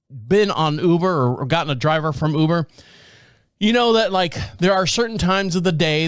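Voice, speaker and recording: Man, podcast host, high voice, dry close mic, rambling casual news talk. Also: dry recording. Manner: rambling, stumbles over names and words.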